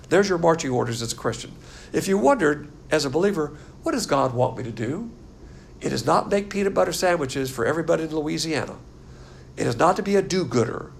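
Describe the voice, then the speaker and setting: Gravelly, scornful older man lecturing on scripture. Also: fairly high pitch, slight background noise. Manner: blunt, scornful, animated lecturing. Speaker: pastor teacher. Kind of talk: classroom Bible teaching.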